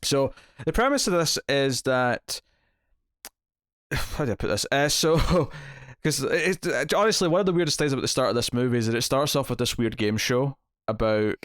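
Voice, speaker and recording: A male podcast host talking through a film in a loose, chatty way, circling back and restarting his sentences as he goes. His voice sits at an ordinary middle pitch. It is recorded close and dry, with almost no room sound. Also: lively intonation, normal speed, a bit bright, no echo. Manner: rambling, self-correcting, laughs often. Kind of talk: casual movie review chat.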